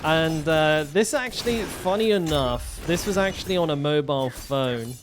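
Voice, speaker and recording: A man's voice: fairly high pitch, moderate pace, music in the background. A young man streaming a game, telling stories in a rambling way, swearing freely with lots of fillers and restarts. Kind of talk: casual storytelling while gaming.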